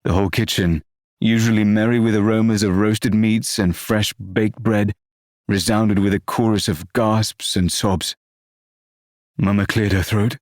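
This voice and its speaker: A man narrating an audiobook novel in a measured, expressive reading. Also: lowish voice, dry recording, studio quality.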